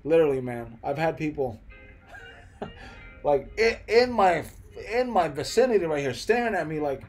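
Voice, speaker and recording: A man's voice: on the high side, expressive, normal speed, a little mellow, soft background music. A young man with an American accent chatting casually on a live stream, replying to viewers with lots of "bro" and "man" and frequent restarts. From Philippines, raised in the US.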